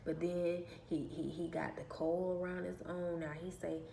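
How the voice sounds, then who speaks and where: A woman's voice: on the low side, little pitch movement, normal speed, vocal fry, few pauses, mellow. A woman vlogger telling a personal story in an emphatic, aggrieved way, repeating her phrases, in an echoey room. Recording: echoey room with faint background noise.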